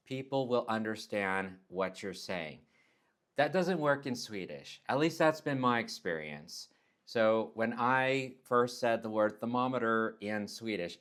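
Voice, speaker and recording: A man's voice: fairly low pitch, fairly bright tone. A man from Texas, talking casually in a vlog and acting out word pronunciations with exaggerated tones. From Texas, United States. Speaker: nurse vlogger.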